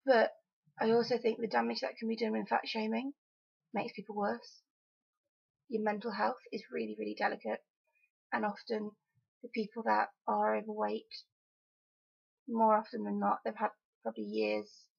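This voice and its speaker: A young woman from Wales speaks her mind in a casual vlog, frank and emphatic with an edge of exasperation. Her fairly high voice carries a husky, gravelly fry. The home recording sounds dull and lo-fi. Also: level tone, normal speed, long pauses. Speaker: vlogger.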